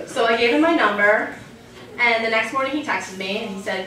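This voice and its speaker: A young woman delivers a stand-up set in a deadpan, self-mocking way, starting her jokes with "um". Her voice sits a little high and rings through a very echoey club, caught from some distance with noise behind. Laughter from the audience fills the gaps. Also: brisk. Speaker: stand-up comedian. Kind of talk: stand-up routine. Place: comedy club stage. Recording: echoey club recording from far off.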